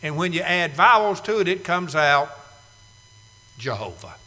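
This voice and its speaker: A male preacher delivering an emphatic sermon with dramatic pauses and loud bursts. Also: a little high, big pitch swings. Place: church sanctuary. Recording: long reverb of a large hall.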